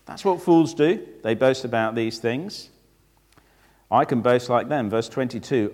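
Lively preacher in a reverberant hall. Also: male voice, medium pitch, moderate pace. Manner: animated, acts out the verses in a lifted voice, conversational asides. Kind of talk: sermon reading through a Bible passage. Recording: long reverb of a large hall.

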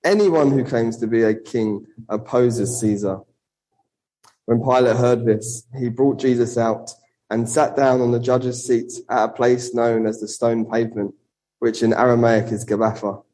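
A man preaching a sermon and reading a Bible passage, earnest, with rhetorical questions and slowing down for emphasis. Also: medium pitch, steady tone, warm tone, low-quality recording.

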